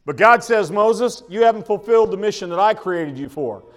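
Pastor, man with a high voice, folksy sermon delivery with frequent restarts. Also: lively intonation, normal speed, a bit bright. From Oklahoma. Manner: folksy, conversational preaching with repeated restarts.

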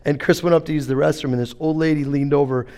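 Storytelling pastor with a high voice. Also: male voice, fairly even intonation, fast talker, a little mellow. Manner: humorous storytelling, acts out exchanges; preaching cadence with call-and-response. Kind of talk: sermon.

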